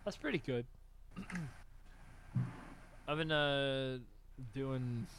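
A young adult man hosting a casual podcast chat, telling animated stories and swearing freely. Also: medium pitch, extremely slow, background noise. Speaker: podcast host.

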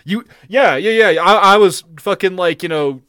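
A man co-hosting a podcast, chatting casually about a cartoon, animated and profane with frequent laughs. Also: high voice, normal speed, smooth, dry recording, clean studio sound. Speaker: podcast co-host. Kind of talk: casual chat reviewing a cartoon episode.

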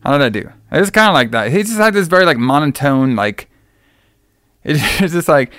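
A man's voice: on the high side, expressive, normal speed, a bit bright, no echo, clean studio sound. A young man casually recapping a film plot, rambling and full of fillers. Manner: rambling, many fillers and restarts.

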